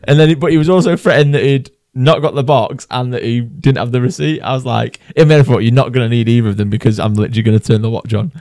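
A man from England tells a funny story in casual chat on his golf podcast, laughing as he goes. His voice sits at a middle pitch. It sounds close and dry, with almost no room around it. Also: fairly even intonation, fast, few pauses, darkish tone, no echo. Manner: anecdotal, laughs often while telling a story. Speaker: podcast co-host.

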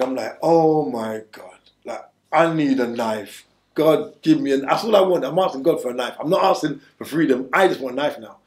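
Fast-talking man in an echoey room. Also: on the high side. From England. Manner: streetwise slang, urgent and repetitive. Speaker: interview guest. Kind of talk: candid storytelling.

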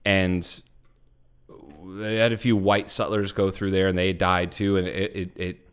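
A man's voice: low voice, level tone, measured pace, smooth. A man co-hosting a casual podcast from an airplane hangar at night, rambling through stories with lots of restarts and swearing. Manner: rambling storyteller, swears freely, many restarts. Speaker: podcast co-host. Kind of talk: casual chat.

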